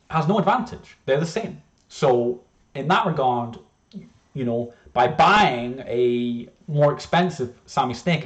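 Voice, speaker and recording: Excitable rambling man presenting casually. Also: medium pitch. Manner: rambling, self-interrupting, excitable, jokey. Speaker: game developer presenting his project. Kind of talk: casual screen-share presentation.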